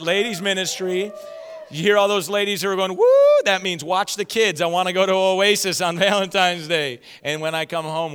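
Bright, playful preaching man. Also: fairly high pitch, smooth, in a large hall. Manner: playful, joking with the congregation, laughing at himself. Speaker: pastor. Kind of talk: sermon. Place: church sanctuary.

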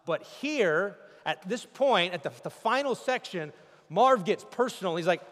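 A man preaching a sermon as pastor, swinging from loud cries to hushed, intimate speech. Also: sits high, expressive, unhurried, big-room sound.

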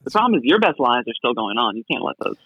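A man's voice: medium pitch, very animated, fast talker, vocal fry, sharp tone, slightly rough, no room sound. A man in his thirties chatting casually as podcast co-host, laid-back and self-mocking. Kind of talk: casual chat. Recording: dull lo-fi audio.

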